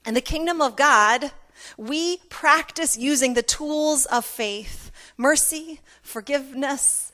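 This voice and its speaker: A woman's voice: high-pitched, slow, bright, forceful tone. A woman pastor preaching a sermon in a conversational, self-deprecating way, with emphatic repetition.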